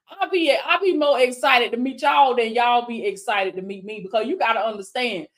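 Woman coach, a bit high-voiced, preacherly live-stream pep talk full of affirmations. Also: normal speed, fairly bright tone. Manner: fervent, repeats affirmations, calls viewers baby; preacherly call-and-response with viewers. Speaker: life coach.

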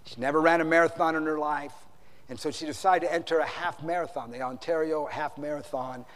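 High-voiced preacher in an echoing hall. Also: male voice, fairly even intonation, fairly quick. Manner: dramatic storytelling, swinging between loud and hushed. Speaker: pastor. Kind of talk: sermon. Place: large conference hall. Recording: reverberant large hall.

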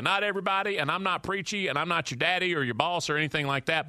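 Sports radio guy going off, super bright tense voice, dry studio mic. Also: high-pitched, quick pace, no room sound. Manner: emphatic, preachy repetition. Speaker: sports talk show host. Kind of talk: animated opinion rant.

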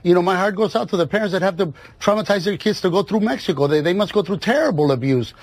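A man's voice: sits high, lively intonation, fast talker. A man speaking as a political guest in a TV debate, insistent and full of fillers.

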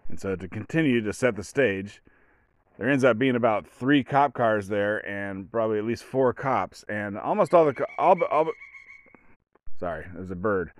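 A man's voice: lowish voice, lively intonation, normal speed, no room sound. A man hosting a solo podcast, telling a story in a rambling way and often stopping mid-sentence to restart. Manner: rambling, self-interrupting storyteller. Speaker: podcast host. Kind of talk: solo casual podcast monologue.

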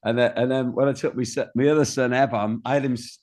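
A middle-aged man, a guest in an interview, telling stories in a warm way and often repeating words as he starts a sentence. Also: medium pitch, steady tone, fast talker. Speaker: guest, singer-songwriter. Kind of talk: candid interview chat.

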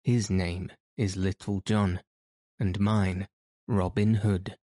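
A jovial outlaw chief with a laugh in his words and archaic speech, as a male storyteller reads him. Low, mellow and unhurried, in a dry, close recording. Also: flat delivery, dry recording. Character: Robin Hood, merry bold male outlaw leader. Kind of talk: audiobook character reading.

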